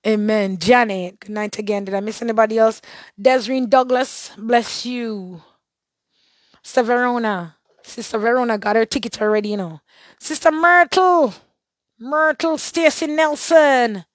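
A hoarse woman hosting a live stream, giving churchy blessings and greeting viewers one by one. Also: medium pitch, steady tone, moderate pace, no echo. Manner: warm churchy blessings and shout-outs. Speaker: livestream host.

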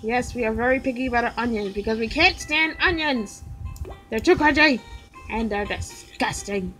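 A bubbly woman with a high, bright, sharp voice chatting along as co-player of a cooking game. She bounces between teasing and giggling over faint game music. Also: moderate pace. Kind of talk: casual let's play commentary.

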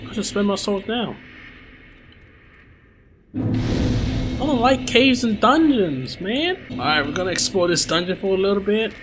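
A man's voice: high voice, animated, normal speed, noisy background. A man giving casual, jumpy gameplay commentary, exclaiming and yelping at the scares. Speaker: gamer playing a horror-heavy action game. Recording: game music playing loudly behind.

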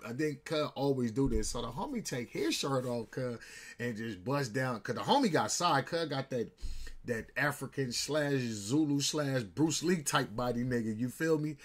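A man's voice: medium pitch, expressive, moderate pace. A man telling a story in a casual, rambling way, full of street slang.

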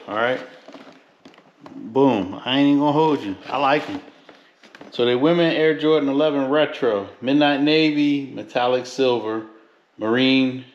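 A man's voice: mid-range voice, fairly bright tone, echoey room, dull audio, a little hiss or hum. A man from the Philadelphia–New York area chatting casually in an unboxing vlog, rambling and joking in slang as he reviews sneakers.

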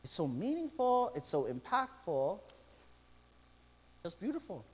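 Male pastor, middle-aged, sermon, high voice, animated storytelling. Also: a little slow, slightly rough. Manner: animated storytelling with quoted asides.

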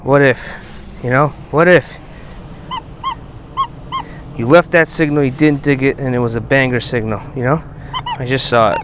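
A man giving casual running commentary while metal detecting on a beach at night, chatting to his finds with excited bursts. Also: mid-range voice, moderate pace, long pauses, noisy background. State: out of breath.

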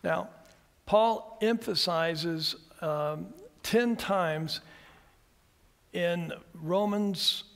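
A man's voice: high-pitched, extremely slow, big-room sound. A man teaching a church workbook class, telling stories as he walks the class through diagrams step by step. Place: church hall.

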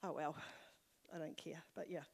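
A woman's voice: deep voice, fairly even intonation, normal speed, gravelly, a little mellow, husky. An older woman with a New Zealand accent, a church elder giving a sermon testimony, telling a personal story with fervent exclamations. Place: church hall. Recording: long reverb of a church hall.

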